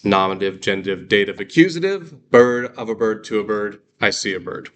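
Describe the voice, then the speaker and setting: Man, classroom teacher, bright, forceful voice, rote drilling, asks the class questions. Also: lowish voice, quick pace, few pauses. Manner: explains patiently, drills endings aloud by rote, checks in with the class. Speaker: Greek teacher. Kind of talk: classroom lecture.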